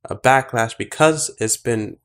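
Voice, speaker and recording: Male podcast host, gravelly, earnest and reflective, casual chat. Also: medium pitch, a little slow. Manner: reflective, earnest, speeds up when stirred. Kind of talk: casual conversation.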